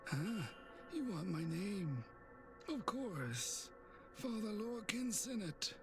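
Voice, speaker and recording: A solemn, aloof old priest for a video game. His voice is high for a man and swoops widely, with a gravelly creak and a very unhurried delivery. Game music plays behind him. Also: big pitch swings, exaggerated voice. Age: older. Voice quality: creaky, slow, drawn-out. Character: aged male Irish-style priest, solemn and aloof. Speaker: game character.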